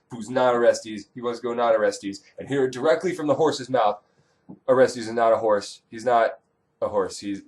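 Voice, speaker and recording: A young man retelling an old tale as irreverent comedy, sarcastic and full of profane asides. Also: mid-range voice. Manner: animated, sarcastic, rapid asides. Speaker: comedic storyteller.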